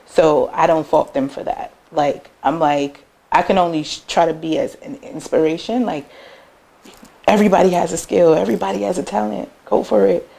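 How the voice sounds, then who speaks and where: A woman's voice: lowish voice, moderate pace, creaky. A woman business owner telling personal stories in an interview, loose and chatty, acting out her family's words as she goes. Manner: animated, acts out family members' words in quoted voices; loose conversational phrasing with frequent "like" and "um".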